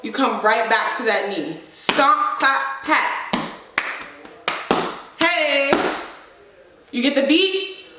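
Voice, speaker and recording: A woman dance instructor teaching stepping, counting the moves aloud in a brisk, rhythmic way. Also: high voice, expressive, recorded from a distance, heavy background noise. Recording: echoey room, voice off-mic, loud stomping and claps.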